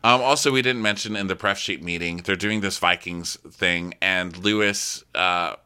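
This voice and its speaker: A man's voice: low voice, normal speed, bright, forceful tone, clear, resonant tone. A man co-hosting a comedic recap, chatting playfully and joking. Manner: playful, joking, acts out quotes. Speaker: podcast co-host.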